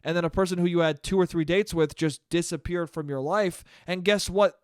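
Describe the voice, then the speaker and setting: With a high, steady, clean voice, a young man talks a little fast while hosting his solo podcast in a clean studio with no echo. His casual monologue is rambling and profane, broken up by self-interruptions and regular laughter.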